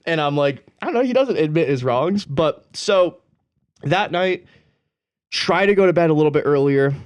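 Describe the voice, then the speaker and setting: A man's voice: fairly high pitch, animated, moderate pace, clean tone, no room sound. Rambling, profane young man telling stories. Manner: rambling, profane, slangy, laughs often. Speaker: podcast co-host. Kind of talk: casual podcast storytelling.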